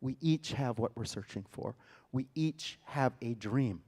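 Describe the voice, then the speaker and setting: A man, a theater director, giving a lecture and retelling a story with dramatic emphasis and sudden loud bursts. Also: medium pitch, unhurried, breathy edge. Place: lecture hall.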